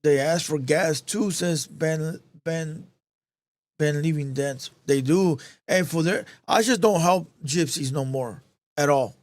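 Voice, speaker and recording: A man's voice: on the high side, slow pace, no room sound. A man hosting a live show, telling a heated, profane story in casual street slang, repeating himself as he goes.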